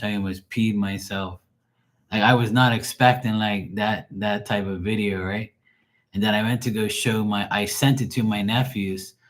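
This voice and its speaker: Low-voiced man telling loose stories. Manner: loose, rambling storytelling with heavy slang and profanity; laughs often while telling stories. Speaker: streamer doing live tarot reads. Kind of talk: casual livestream chat.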